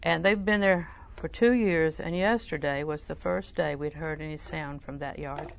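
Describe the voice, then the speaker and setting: An older woman preaching in a low, gravelly voice with plenty of fry. She tells stories in a conversational way, often softening almost to a whisper. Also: moderate pace, slight background noise. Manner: conversational, soft-spoken, drops to near whisper. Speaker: Christian teacher. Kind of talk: personal storytelling sermon.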